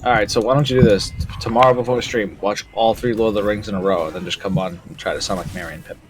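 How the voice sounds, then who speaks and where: A man's voice: lowish voice, fairly even intonation, fast. A man chatting casually as co-host on a game stream, teasing and self-deprecating.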